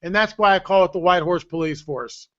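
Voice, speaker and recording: A man's voice: high voice, fairly quick, a bit bright. An older man telling a story with drama, acting out the dialogue and joking sarcastically. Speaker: guest author. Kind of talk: animated storytelling. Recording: dull lo-fi stream audio.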